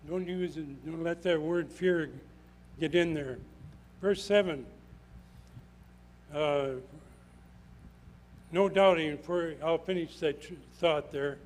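Older male preacher, emphatic, repeats lines, slightly higher voice. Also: rough recording. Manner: emphatic, repeats phrases for stress. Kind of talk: sermon.

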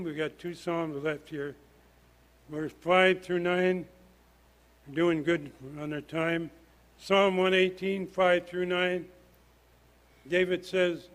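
An older man preaches from a church lectern in a high, ringing voice. His delivery is earnest and emphatic, pressing each point hard as he works through scripture. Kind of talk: sermon.

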